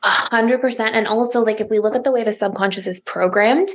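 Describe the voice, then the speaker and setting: A woman's voice: on the high side, brisk. A woman therapist, a podcast guest, explaining ideas fluently with everyday examples and a lot of "like". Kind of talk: explanatory interview talk.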